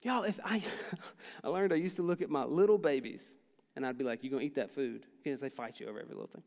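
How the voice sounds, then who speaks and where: A man preaching a sermon, telling animated stories and acting out his own shouts and soft talks. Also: on the high side, quick pace. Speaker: pastor. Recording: long hall reverb.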